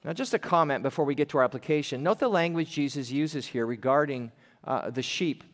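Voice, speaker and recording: Pastor guy preaching, earnest, slows down on the big words, kinda high voice, long echo like a big church. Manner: earnest, emphatic, with slow stressed phrases and drops in volume. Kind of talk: expository sermon. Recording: long reverb of a large hall.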